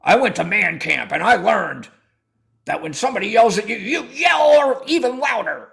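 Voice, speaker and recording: A man's voice: high-pitched, lively intonation, moderate pace, gravelly, fairly bright tone. A man hosting a political livestream, talking in a brash, profane, mocking way, thanking viewers and scolding callers. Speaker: livestream host.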